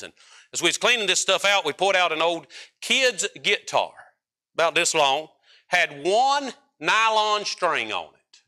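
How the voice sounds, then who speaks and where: A man preaching a sermon in a folksy, emphatic way, rising to loud peaks and dropping to quiet stretches. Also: a little high.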